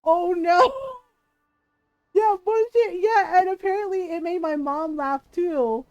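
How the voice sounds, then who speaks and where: High-voiced, animated woman streamer. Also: takes it slowly, dry recording, lo-fi sound, soft background music. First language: Tagalog. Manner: animated, laughs often, swears freely. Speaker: livestream host. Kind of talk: casual storytelling on a livestream.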